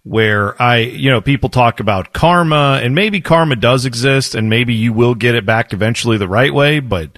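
A man's voice: medium pitch, normal speed, hardly any pauses, fairly bright tone, no echo, studio quality. A man co-hosting a podcast in wry, casual conversation. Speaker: podcast co-host. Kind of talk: casual chat.

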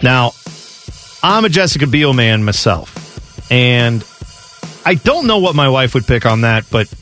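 Lively-voiced male sports radio host. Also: mid-range voice, a little slow, soft background music. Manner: reads listener questions, laughs often. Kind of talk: casual sports radio banter.

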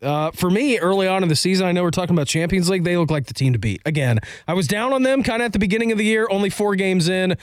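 Excitable high-voiced man talking soccer. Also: rapid-fire, hardly any pauses, no echo. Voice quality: excitable, blunt, swears casually. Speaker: podcast co-host. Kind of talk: casual sports chat.

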